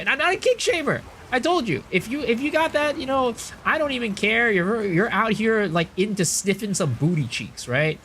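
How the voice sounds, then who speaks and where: A man's voice: a little high, sharp tone, slight background noise. A man live-streaming a game, rambling casually to his chat with lots of profanity and filler words. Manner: chats to viewers in the stream chat.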